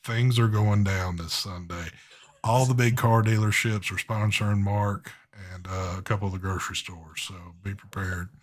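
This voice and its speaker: A man's voice: lowish voice, steady tone, moderate pace. A man hosting a live online show in casual chat, talking in an easygoing, drawling way with frequent fillers. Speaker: host of a live vape show.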